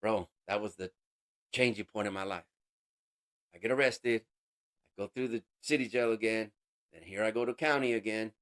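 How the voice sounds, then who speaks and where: A man giving an emotional personal testimony as an interview guest, halting and casual, with street slang. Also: lowish voice, a bit bright. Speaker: interview guest sharing a recovery story.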